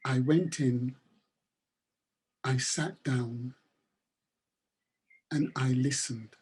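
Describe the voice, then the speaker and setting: A man voicing a calm, quiet little boy in a told story. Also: medium pitch, drawn-out words, breathy edge.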